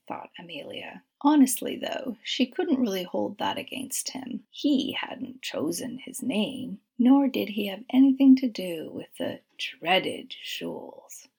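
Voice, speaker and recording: A woman narrating a story in a soft, breathy, half-whispered voice. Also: medium pitch, very animated, slow, few pauses.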